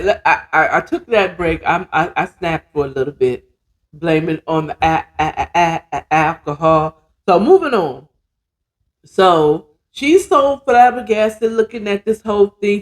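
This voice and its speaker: A woman hosting a casual storytelling podcast, chatty and digressive with lots of asides. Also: on the low side.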